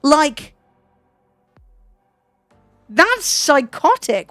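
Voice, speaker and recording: British girl streamer, high voice, teasing and sweary, dry mic, bit of music behind. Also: lively intonation, normal speed, long pauses, fairly bright tone, no room sound. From Britain. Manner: teasing, incredulous, swears freely. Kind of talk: casual chat with a guest.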